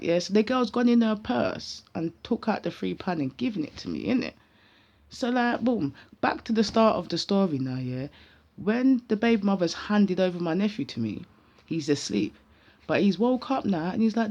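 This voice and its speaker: A woman with a British accent full of London street slang, telling a personal story in an animated, casual vlog. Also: medium pitch, moderate pace, highs cut off.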